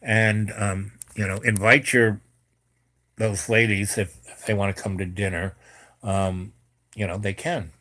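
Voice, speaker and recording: A man's voice: on the low side, flat delivery, measured pace, pushed and bright. A middle-aged man telling a long personal story in a rambling, casual way, with many fillers and restarts. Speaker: host.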